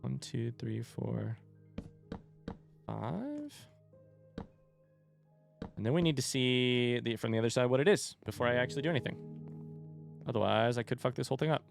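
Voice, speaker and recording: Gravelly man muttering through a game. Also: medium pitch, quick pace, soft background music. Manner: thinks aloud while building, counting and muttering; dry sarcastic joking with chat. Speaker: streamer. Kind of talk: casual gameplay commentary.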